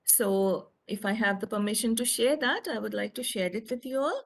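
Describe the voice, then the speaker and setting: A woman teacher with an Indian English accent explaining her teaching methods to fellow teachers, pausing often with fillers. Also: fairly high pitch, creaky. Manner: hesitant, many fillers. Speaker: teacher presenting at a workshop.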